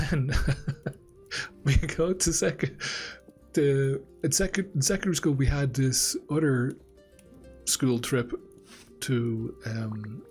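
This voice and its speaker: A man's voice: medium pitch, darkish tone. Laughing Irish man telling a story. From Ireland. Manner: laughing often, rambling. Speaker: gaming channel host. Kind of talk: casual storytelling over gameplay.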